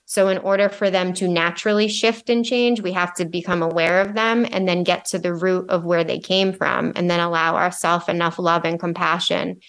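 Low-ish woman cohost, earnest, explains things slowly and thoughtfully. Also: steady tone, fairly bright tone. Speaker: podcast co-host. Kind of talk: reflective spiritual discussion.

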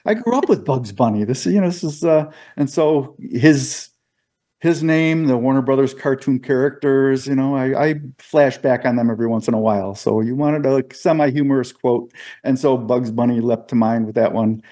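Man, talk show guest, mellow dark voice, relaxed, reflective. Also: mid-range voice. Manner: relaxed, reflective, halting restarts. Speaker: guest, comic artist. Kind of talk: casual interview answers.

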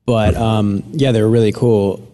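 A male actor guest on a radio interview with a fairly low voice. His tone is mellow and warm, and he tells stories in an easygoing way, with fillers as he goes. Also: a little slow. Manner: relaxed storyteller with fillers and soft laughs. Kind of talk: casual interview chat.

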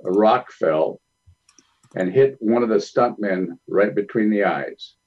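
A male film director speaking as a talk show guest, calm and measured as he recounts stories. His voice sits at a middle pitch. The sound is slightly dull and lo-fi. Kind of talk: interview storytelling.

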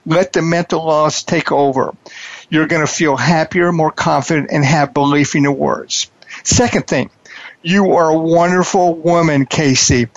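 A man hosting a coaching interview, talking in a preachy, emphatic way and repeating his key phrases slowly. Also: on the high side, fairly even intonation, dull audio. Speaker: podcast host and wealth coach.

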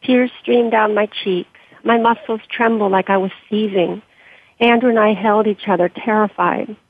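A woman with a husky voice reading her own memoir in a measured, quiet way, then answering interview questions, heard over a dry, tinny phone-like line. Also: medium pitch, fairly even intonation, no room sound. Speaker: author and interview guest.

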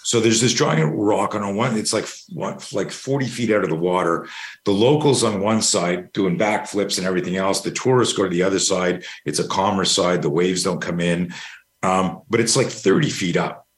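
Low-voiced middle-aged man telling stories. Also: normal speed. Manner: rambling, anecdotal, casual swearing. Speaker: guest, fear management expert. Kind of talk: storytelling interview.

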